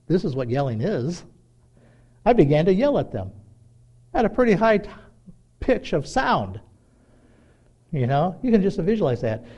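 A middle-aged man preaching a sermon in a conversational, animated way, acting out little dialogues. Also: high voice, dull audio. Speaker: pastor.

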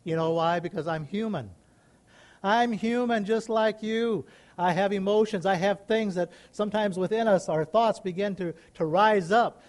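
A man's voice: high-pitched, normal speed. A middle-aged male pastor preaching a sermon, rising into emphatic calls and questions to the congregation.

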